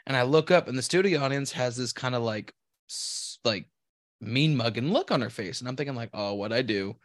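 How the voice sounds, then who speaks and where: A podcast co-host rambles through a long anecdote in casual chat, with a medium-pitched, expressive voice that moves fairly quickly. He swears freely and pokes fun at himself. His voice is close and dry on the microphone with no room sound, and his pacing is loose and easy.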